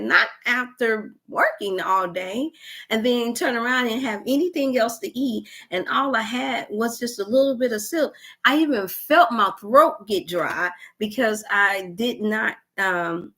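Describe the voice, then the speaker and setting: A woman hosts a wellness talk. She tells a personal testimonial in an animated way, with sighs and exclamations throughout. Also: a little high, normal speed. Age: 50s. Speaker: wellness show host. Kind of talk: testimonial storytelling.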